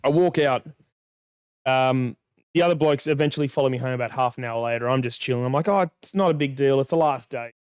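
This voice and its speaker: A man's voice: mid-range voice, a little fast, smooth, no room sound, clean studio sound. A young man, a podcast co-host, telling a long story in casual chat, acting out the dialogue and swearing freely.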